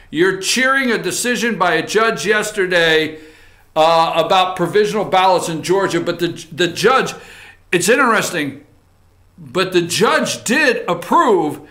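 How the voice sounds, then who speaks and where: A man hosting casual political commentary, animated and mocking, muttering asides between loud points. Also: high voice, unhurried. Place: studio.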